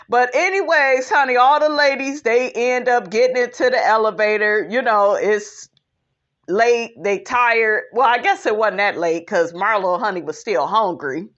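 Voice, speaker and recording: A woman with a fairly high voice talks slowly and sassily through a show recap, full of opinions and asides. The recording sounds dull and lo-fi. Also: fairly bright tone. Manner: sassy, opinionated, calls viewers honey and child. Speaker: reality show recap vlogger. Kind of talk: sassy recap commentary.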